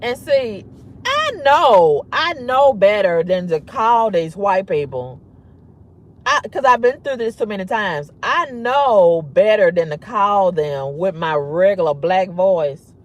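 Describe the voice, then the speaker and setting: A woman with a husky voice, telling a story to camera in a blunt, emphatic, often repetitive way. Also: medium pitch, big pitch swings, slow pace. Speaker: vlogger. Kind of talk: candid storytelling rant.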